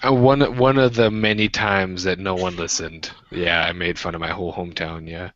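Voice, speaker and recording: A man's voice: low-pitched, steady tone, normal speed, few pauses, fairly bright tone, dry recording, highs cut off. A man, chatting and ranting with profanity as a podcast co-host. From Washington state, USA. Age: 20s. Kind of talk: casual chat.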